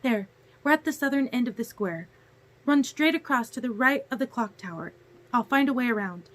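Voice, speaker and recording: A woman voicing a fierce young vampire woman who speaks quickly in a low, urgent voice, read from a novel. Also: animated, fairly bright tone.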